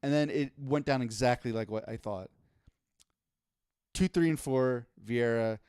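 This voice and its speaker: A man's voice: medium pitch, measured pace, a little mellow, clean tone, dry recording, studio quality. A man co-hosting a casual podcast, ranting with exasperation and lots of swearing. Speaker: podcast co-host.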